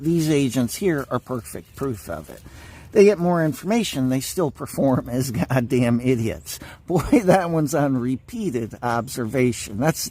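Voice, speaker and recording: Angry ranting man, wildly swinging pitch. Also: dark tone. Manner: angry, insulting, repetitive, swearing. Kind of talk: ranting monologue to camera.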